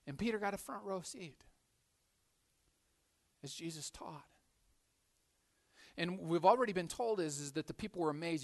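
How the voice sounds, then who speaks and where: Preacher guy, kinda high voice, tells the story big then drops real quiet, repeats words a lot. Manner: animated storytelling, repeats words, swings from loud to hushed. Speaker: pastor. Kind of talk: sermon.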